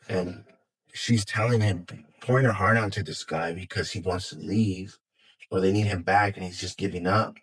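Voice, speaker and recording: A man's voice: deep voice, fairly bright tone, breathy edge, rough recording. A man co-hosting a podcast in casual chat, rambling with lots of fillers and restarts and swearing freely. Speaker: podcast co-host.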